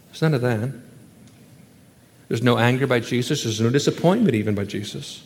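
A man preaching a sermon, emphatic, with rhetorical questions and sudden drops into hushed, quiet passages. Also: mid-range voice, moderate pace, in a large hall. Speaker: pastor.

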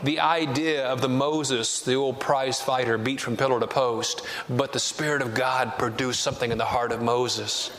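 A man's voice: mid-range voice, steady tone, normal speed, hardly any pauses, a bit bright. A man preaches a sermon from the pulpit, moving from a personal story into scripture and rising to emphatic passages. His voice carries a long reverb from a large church hall. A faint hiss sits underneath. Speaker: pastor.

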